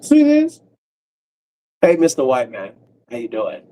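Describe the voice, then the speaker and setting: A man in his forties doing a profane comedic rant on a livestream, breaking into cackles and swinging from loud outbursts to low mutters. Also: wildly swooping pitch, measured pace, a little hiss or hum, rough recording. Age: 40s.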